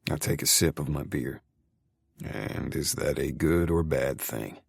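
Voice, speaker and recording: A man's voice: very deep voice, unhurried, creaky, slightly rough, dry recording, studio quality. A man narrating a first-person romance audiobook in a brooding, intimate way.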